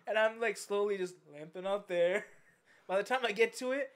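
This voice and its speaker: A young man casually telling a story as a guest, animated and laughing often, with plenty of swearing and fillers. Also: high-pitched, normal speed, clean tone.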